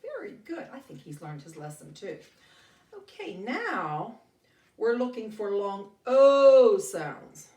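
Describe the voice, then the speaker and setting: A woman teacher reading a picture book aloud to a class and explaining vowel sounds, with animated, expressive delivery. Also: on the high side, takes it slowly. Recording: roomy sound from a distant mic.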